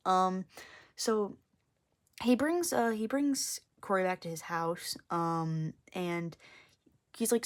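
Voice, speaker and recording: A woman's voice: on the low side, normal speed. Rambling young woman artist. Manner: rambling, heavy use of fillers. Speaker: artist vlogger. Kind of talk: casual rambling explanation.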